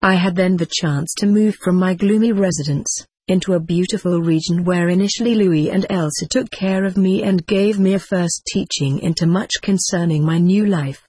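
Solemn, husky storyteller. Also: mid-range voice, moderate pace, hardly any pauses, a little mellow, no room sound. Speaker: narrator. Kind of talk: first-person story reading.

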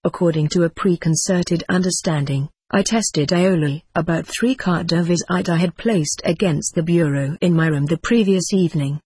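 A woman narrating an audiobook of diary entries in a steady, measured reading. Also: lowish voice, slightly rough, no room sound.

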